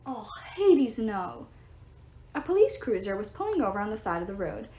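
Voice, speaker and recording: Expressive woman reading aloud in an echoey room. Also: medium pitch, fast talker. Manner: expressive, lively storytelling. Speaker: audiobook reader. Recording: roomy echo.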